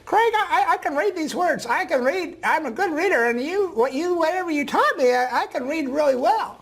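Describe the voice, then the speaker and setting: A man voicing a sweet, frail 94-year-old woman in a care home, with a high quavering voice and halting, polite speech. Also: lively intonation, vocal fry, a bit bright, heavily acted.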